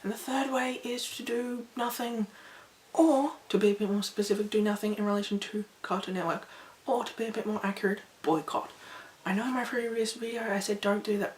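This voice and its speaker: A woman vlogging to her viewers in a chatty, rambling, animated way. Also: medium pitch, moderate pace. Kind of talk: casual talk to camera. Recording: echoey room, faint background noise.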